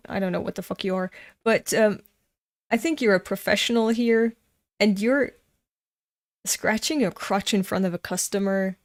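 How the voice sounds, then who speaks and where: A woman's voice: mid-range voice, normal speed, long pauses. A woman in her twenties reading a comic aloud and ranting frankly about it, swearing freely. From Europe. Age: 20s. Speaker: webcomic reader and commentator.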